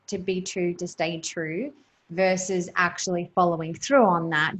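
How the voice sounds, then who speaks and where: Woman interviewer, thoughtful questioner, a little low-pitched. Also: rough recording.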